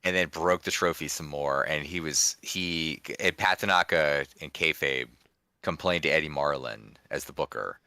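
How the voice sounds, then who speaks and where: A man's voice: very deep voice, moderate pace, sharp tone, dry recording, studio quality. A man co-hosting a casual wrestling podcast, rambling and restarting his sentences as he talks. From DC area, USA. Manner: rambling, self-correcting. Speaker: podcast co-host.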